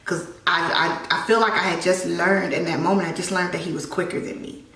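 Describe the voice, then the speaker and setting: Emotional woman with a gravelly, echoey voice. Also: lowish voice, steady tone, fairly bright tone, recorded from a distance. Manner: halting, emotional, frequent restarts and fillers. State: holding back tears. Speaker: vlogger. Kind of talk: personal storytelling vlog. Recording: echoey room, voice a bit off-mic.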